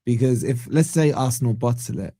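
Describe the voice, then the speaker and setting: A man's voice: mid-range voice, a little fast, vocal fry, dark tone, slightly rough, no echo, clean studio sound. A young man co-hosting a football stream, needling and provoking with lots of swearing. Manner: teasing, provocative, swears a lot. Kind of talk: heated football debate on a stream.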